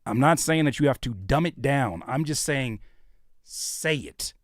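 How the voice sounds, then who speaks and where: An American man giving live reactions to viewer music, joking and blunt, swinging between shouts and low mutters. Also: animated, a little slow, no echo, studio quality. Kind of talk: animated live reaction commentary.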